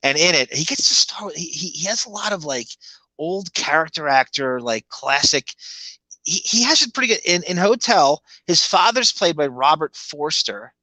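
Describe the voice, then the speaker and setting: A man with a Long Island accent, co-hosting a podcast in a rambling, chuckling way that drifts into quick impressions. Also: on the high side, very animated, pushed and bright, no room sound, rough recording. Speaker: podcast co-host. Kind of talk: casual commentary chat.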